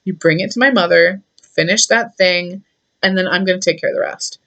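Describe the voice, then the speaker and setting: A woman's voice: on the low side, brisk, pushed and bright. A woman voicing a lovesick young male god who talks in a casual, fondly chiding way.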